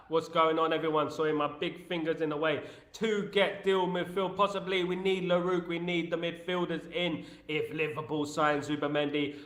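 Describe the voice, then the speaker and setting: Man, live-stream host, fired-up opinionated ranting, greets viewers in the chat, slightly high voice, echoey room. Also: fairly bright tone. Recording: roomy echo.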